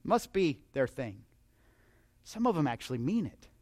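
A male pastor with a fairly high voice gives a relaxed, chatty sermon. He talks with humor and keeps turning to his listeners with questions. The sound is dry and close. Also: unhurried, no echo. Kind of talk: conversational sermon.

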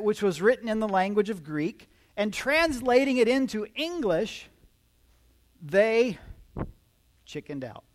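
A male pastor delivers a teaching sermon before a live congregation. His voice sits notably high for a man, and he explains with lively energy, dropping playful asides to the people listening.

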